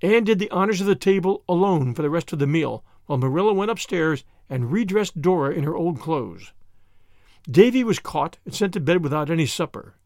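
A man hosting a podcast and narrating a classic novel aloud with lively, expressive reading and voices for each character. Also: fairly high pitch, fairly quick, no room sound, clean studio sound. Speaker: audiobook reader and podcast host.

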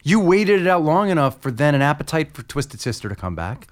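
A man's voice: a little high, very animated, a little fast. A man hosting an interview, asking questions in a supportive way and often cutting in with short affirmations. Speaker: podcast host. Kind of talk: conversational interviewing.

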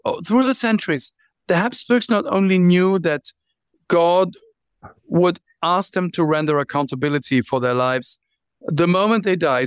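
Man telling stories with animated restarts. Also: fairly high pitch, no echo. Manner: animated, with frequent restarts and repeated words. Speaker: guest author. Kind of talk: interview storytelling.

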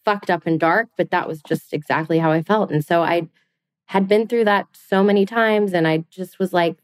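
A woman's voice: on the low side, normal speed, no room sound, studio quality. A woman in her thirties, a podcast guest, telling her own story candidly and bluntly, swearing freely.

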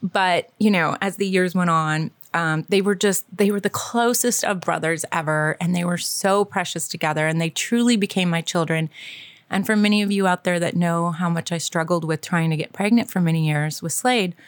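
A woman's voice: lowish voice, normal speed, no echo. Chatty storytelling woman, dry sound. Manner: chatty, animated storyteller with frequent laughter. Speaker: podcast co-host. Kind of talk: casual storytelling chat.

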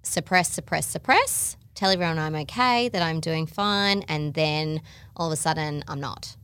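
An Australian woman co-hosting a podcast, talking in a chatty, quick way full of "like" and laughs. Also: deep voice, fairly bright tone, clear, resonant tone, no room sound. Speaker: podcast co-host. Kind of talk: casual chat.

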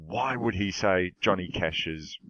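A man's voice: deep voice, unhurried, fairly bright tone. A man hosting a casual chat about a film, rambling with many restarts. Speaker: podcast host. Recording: slightly dull lo-fi sound.

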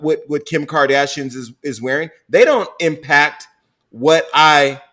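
A man's voice: fairly high pitch, unhurried, bright, forceful tone. Blunt, profane male podcast host. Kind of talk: candid casual chat.

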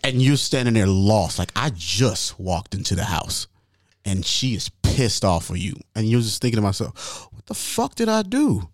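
A man hosting a casual chat, animated and profane, acting out what others say. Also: fairly low pitch, moderate pace, no echo, clean studio sound. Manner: animated, profane, acts out quotes.

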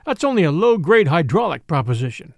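Brief: man as a nervous prospector, guarded and quiet, gravelly edge. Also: on the high side, sing-song, fairly quick, dry recording, studio quality.

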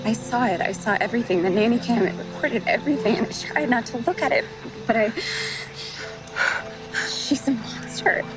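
An actress plays a frightened young woman in a TV drama, her slightly high voice hushed and rushed. She stumbles over her words, and a clear musical score plays under her. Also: over loud music, lightly acted, rough recording. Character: frightened young woman who fled a killer.

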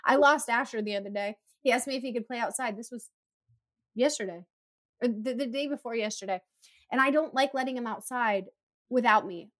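A woman's voice: a little high, brisk. A woman in her thirties, chatting casually and telling stories with animation, acting out her own screams and quotes. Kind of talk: casual chat.

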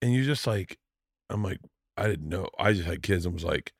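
A man's voice: low-pitched, animated, creaky, husky, no room sound, studio quality. A man hosting a podcast, telling a story in a rambling, emotional way, swearing freely and restarting his sentences. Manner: halting, many restarts. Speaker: podcast host. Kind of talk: casual chat.

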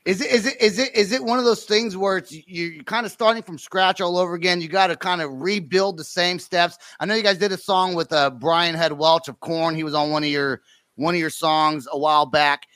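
A male podcast host with a high, bright voice asks chatty, rambling questions. The sound is close and dry, with no room around it. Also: a little fast, no echo. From Northern California. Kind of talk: casual interview chat.

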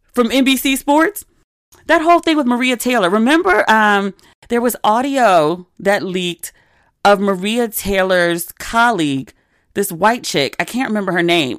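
A woman's voice: medium pitch, a bit bright, dry recording, studio quality. A woman in her forties hosting a solo podcast, telling stories in a candid, chatty way full of asides. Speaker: podcast host. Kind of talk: casual solo podcast chat.

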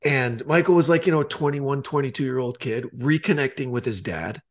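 A man co-hosting a podcast, retelling a TV scene in loose, animated chat and swearing casually. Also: mid-range voice, fairly quick. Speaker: podcast co-host.

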